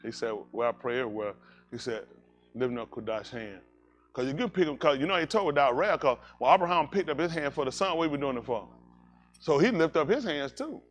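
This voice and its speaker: An animated male pastor preaching a sermon in loose, casual vernacular, joking with his congregation as he goes. His voice sits a touch high and swings widely up and down. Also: quick pace.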